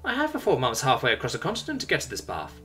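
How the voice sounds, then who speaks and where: A man voicing a brisk, unflappable young woman governor who talks bluntly and stubbornly. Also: mid-range voice, huge pitch swings, fairly bright tone, soft background music. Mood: insistent. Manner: blunt, stubborn, matter-of-fact.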